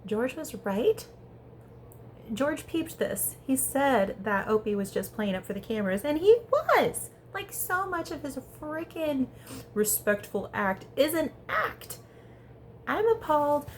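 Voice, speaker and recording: A woman giving a casual, chatty recap of a reality show episode, talking fast and peppering her speech with "like". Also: on the high side, a little hiss or hum. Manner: chatty, animated, heavy use of "like". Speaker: reality TV reviewer.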